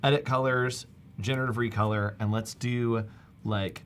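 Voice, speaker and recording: A man hosting a live stream, casually walking viewers through a software demo step by step. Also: mid-range voice, expressive, brisk, slight background noise. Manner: casual, talks viewers through steps on screen. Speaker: livestream host.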